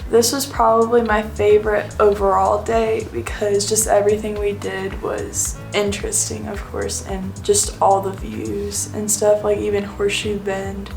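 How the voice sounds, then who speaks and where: A woman's voice: medium pitch, little pitch movement, a little slow, creaky, few pauses, reverberant. A woman in a travel vlog, recapping her favorite day in an easygoing, upbeat way. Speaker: travel vlogger. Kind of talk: casual travel vlog chat. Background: background music.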